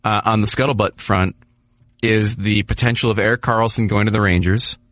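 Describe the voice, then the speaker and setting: A man co-hosting a sports podcast, talking casually and at length with lots of restarts and animated asides. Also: on the low side, moderate pace, no echo, studio quality. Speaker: podcast co-host, hockey writer.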